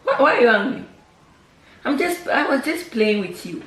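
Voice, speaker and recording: Woman, West African accent, teasing and playful, lively pitch, echoey room with faint noise. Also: moderate pace. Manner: teasing, playful, repeats herself. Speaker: vlogger. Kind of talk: casual prank vlog chat.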